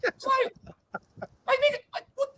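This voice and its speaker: A young man co-hosting a podcast, talking in animated slang and acting out quotes in voices during a heated casual chat. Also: very high-pitched, moderate pace, a crowd in the background. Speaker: podcast co-host.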